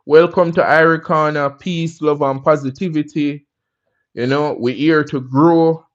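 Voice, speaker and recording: Jamaican man, livestream host, laid-back chatty talk, fairly high voice, dull lo-fi sound. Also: fairly even intonation, a little slow. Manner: laid-back, chatty, tags lines with "you understand me?". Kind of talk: casual livestream chat.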